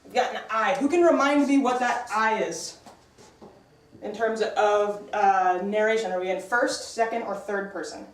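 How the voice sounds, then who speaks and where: A woman teaching an English class, brisk and upbeat as she quizzes her students. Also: mid-range voice. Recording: echoey classroom from far off.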